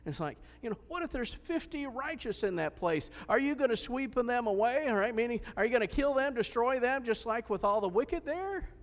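A man's voice: very high voice, animated, a little fast, hardly any pauses. A man preaching a sermon, asking questions and stressing points with emphasis. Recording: long hall reverb.

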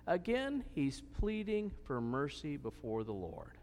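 Lively preaching man in a reverberant hall. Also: a little high, unhurried, a little hiss or hum. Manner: lively, questioning, emphatic. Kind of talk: sermon.

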